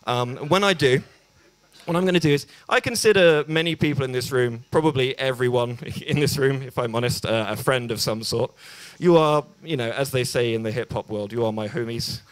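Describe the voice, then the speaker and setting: A man's voice: medium pitch, brisk, no room sound. Young english guy doing standup at an open mic, awkward self-deprecating, lots of ums, dry close sound. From England. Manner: hesitant and self-deprecating, many ums and restarts. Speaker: stand-up comedian. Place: small bar venue.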